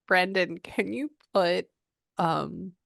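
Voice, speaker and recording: A woman's voice: on the low side, takes it slowly, vocal fry, fairly bright tone, dry recording, clean studio sound. A woman psychic medium giving a casual reading, thinking aloud and exclaiming often.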